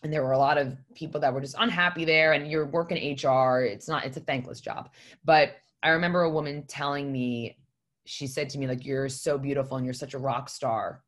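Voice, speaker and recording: A woman's voice: low voice, fairly even intonation, brisk, a bit bright. A woman guest on a podcast, telling her story in a candid, rambling way and swearing for emphasis. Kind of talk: casual podcast conversation.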